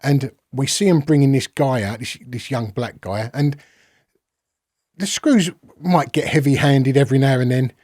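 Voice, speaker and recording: A man from London, guesting on a podcast, spins a meandering, casual tale full of curse words and acted-out exchanges. He talks at normal speed in a mid-range, darkish voice, and the studio-quality audio has no echo.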